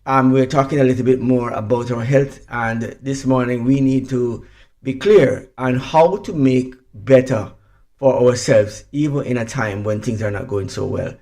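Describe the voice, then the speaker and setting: Gravelly-voiced man co-hosting morning radio. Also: medium pitch, normal speed, warm tone. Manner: rambling, repeats himself. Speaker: radio show co-host.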